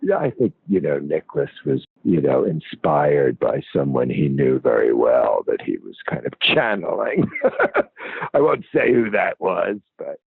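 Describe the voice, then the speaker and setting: A man with a low, gravelly, husky voice speaks slowly and wryly in an archival interview. The recording is dry and tinny, like a phone line. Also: big pitch swings, no echo.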